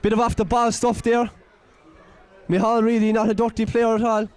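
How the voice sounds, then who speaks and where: Very high-pitched excitable Irish commentator. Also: male voice, normal speed, clean tone. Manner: excitable, partisan, exclaims and scolds players. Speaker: match commentator. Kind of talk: partisan local sports commentary.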